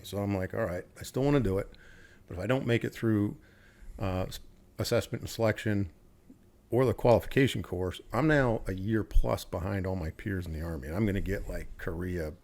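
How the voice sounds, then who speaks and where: A middle-aged retired U.S. Army officer, appearing as a podcast guest, tells stories in a lowish, darkish voice at a slightly fast clip. His manner is casual and blunt, with swearing and quoted dialogue, in an interview setting.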